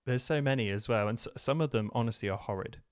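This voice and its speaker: A man's voice: mid-range voice, fast talker, a crowd in the background. A man from southwest England with an English accent, chatting as a guest in a self-deprecating, rambling way. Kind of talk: casual video-call chat.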